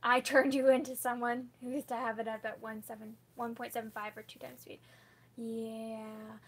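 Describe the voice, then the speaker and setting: Chatty woman with a higher husky voice. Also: level tone, moderate pace. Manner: chatty, many "like" fillers, often laughing. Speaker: book vlogger. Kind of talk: casual live chat with viewers.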